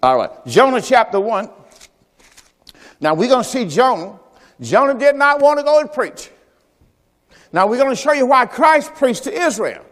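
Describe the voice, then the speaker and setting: High-voiced preacher guy, super lively, swings up to shouting, church echo all around. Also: normal speed, long pauses. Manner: animated storytelling, acting out Bible characters, shouting peaks. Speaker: pastor. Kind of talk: sermon. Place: church service.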